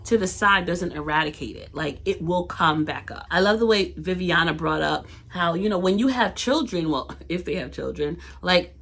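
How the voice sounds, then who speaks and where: A young woman with a low voice co-hosts a relaxed chat. She talks in a loose, chatty way, full of fillers, and laughs often. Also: moderate pace, vocal fry, few pauses. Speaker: co-host. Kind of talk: casual chat.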